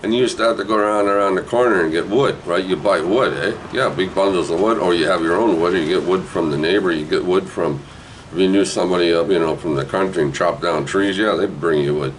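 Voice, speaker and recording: A low-voiced man from New Brunswick, Canada, rambles quickly through a childhood memory in a casual spoken memoir. The recording is low quality with slight background noise, and he digresses often, peppering his talk with "eh" and "right" as tag questions.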